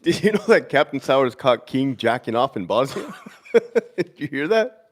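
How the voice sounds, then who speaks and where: A man's voice: mid-range voice, very animated, normal speed. A man, an army veteran, telling crude stories with lots of swearing and laughter in a casual chat. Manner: crude, profane, laughing storyteller.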